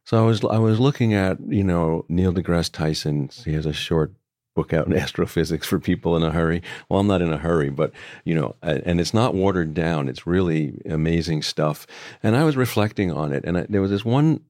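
An older man, a book author talking as a guest, speaking in a thoughtful, measured way with frequent restarts. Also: low voice, a little mellow, no room sound, clean studio sound. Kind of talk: reflective conversation.

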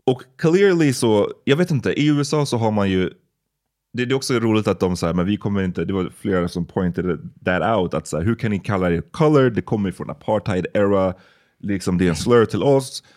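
Man, native Swedish speaker, lowish voice, relaxed podcast host, lots of fillers. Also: fairly quick. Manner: relaxed, thinking aloud with many fillers. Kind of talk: casual chat.

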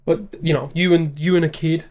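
A man's voice: on the high side, steady tone, brisk, a little mellow. A young man, co-host of a podcast, chatting casually in a matey way, often repeating words as he starts a sentence. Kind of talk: casual chat.

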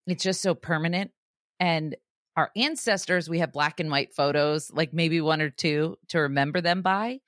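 A woman's voice: sits low, normal speed, fairly bright tone, no room sound, studio quality. A young woman co-hosting a podcast, chatting casually with hesitant fillers and slangy asides. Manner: hesitant, uses filler words, says dude. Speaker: podcast co-host. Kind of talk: casual chat.

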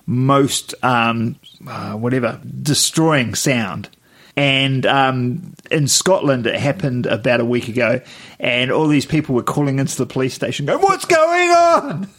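A man co-hosting a podcast, explaining news with quick jokes and banter. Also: medium pitch, fairly bright tone. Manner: jokey, quick asides and banter. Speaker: podcast co-host. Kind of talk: casual chat.

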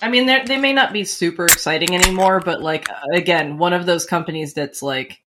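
A woman co-hosting a laid-back podcast, her voice sitting a little low. She talks in loose, chatty bursts, swears freely and answers with quick comebacks. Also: background noise. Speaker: podcast co-host. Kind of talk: casual chat.

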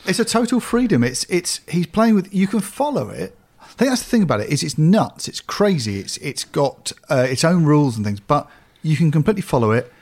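A man's voice: fairly high pitch, big pitch swings, a little fast, darkish tone. A man hosting a podcast, reflecting aloud in a thoughtful, analytical way. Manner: thoughtful, analytical, builds ideas aloud with small restarts. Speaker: podcast host. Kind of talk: conversational podcast discussion.

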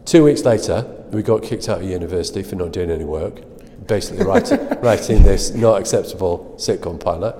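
Middle-aged male guest, low mellow voice, dry self-mocking storyteller, reverberant sound. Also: brisk, few pauses. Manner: self-deprecating, laughs at own stories. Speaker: guest telling stories. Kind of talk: anecdotal storytelling.

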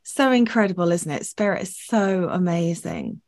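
A woman's voice: on the low side, huge pitch swings, normal speed, a little mellow. A woman hosting an interview, gushing with effusive praise and asking eager questions. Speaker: interview host. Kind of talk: casual interview.

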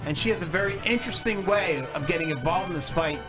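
Laughing man host over loud music. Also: sits high, lively intonation, fast talker. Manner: laughing, crude jokes. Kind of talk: raunchy casual banter.

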